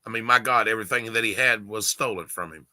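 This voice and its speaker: Male video host, casual heated commentary, bright tone, dry close mic. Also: lowish voice, fast talker, no room sound. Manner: emphatic, indignant, doting with his dog.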